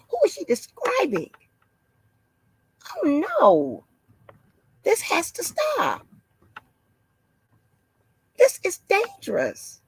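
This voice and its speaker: A woman doing a mocking impression of a shocked, over-concerned woman, gasping and breathy with drawn-out alarmed phrases. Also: extremely high pitch, no echo, voice pushed up, exaggerated voice. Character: shocked, fretful high-voiced woman, overly concerned.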